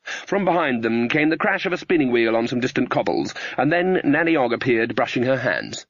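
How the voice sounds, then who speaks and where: A man reading an audiobook in a steady, measured narrating voice of middling pitch. The recording is dull and lacks top end. The room is dry and close. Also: dry recording. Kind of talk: scripted narration.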